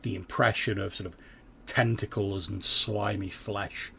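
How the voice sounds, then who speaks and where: Gravelly man narrating as game master. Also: on the low side, steady tone, unhurried, bright, forceful tone, slight background noise. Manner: casual, lots of "like" fillers, vivid narration.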